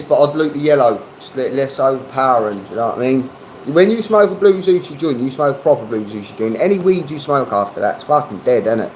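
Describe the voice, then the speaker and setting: A man's voice: mid-range voice, darkish tone, a little hiss or hum, rough recording. Laid-back man chatting on a stream. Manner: laid-back, swears freely, reads chat aloud. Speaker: livestream host. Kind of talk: casual livestream chat.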